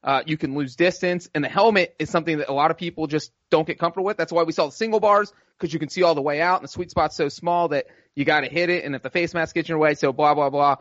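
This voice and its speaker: Dude with a slightly high voice breaking down kicking stuff, dull dry audio. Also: male voice, fast, hardly any pauses, fairly bright tone, no room sound. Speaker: podcast co-host. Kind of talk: casual sports chat.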